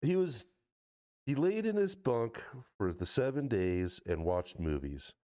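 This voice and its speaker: A man's voice: medium pitch, very animated, measured pace, mellow. A male podcast host, teasing his guest in a sarcastic, casual way. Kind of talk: casual chat.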